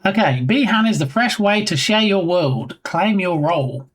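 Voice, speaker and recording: A man's voice: high-pitched, lively intonation, normal speed. A man streaming live and chatting casually with his viewers in a playful, teasing way. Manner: playful, jokey, teasing chat.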